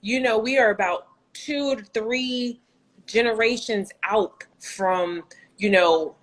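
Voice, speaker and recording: A woman with a high voice lectures with emphasis, pausing often to check that her listeners are following. Her delivery is firm and explanatory. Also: poor audio. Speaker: panelist on a women's talk show. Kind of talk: impassioned discussion.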